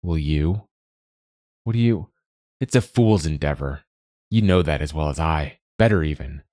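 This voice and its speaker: A man's voice: extremely low pitch, a little slow, a little mellow, no room sound. A man voicing a cross, guarded old spinster who talks in curt, snappish lines. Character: old woman, cross, guarded, sharp-tongued.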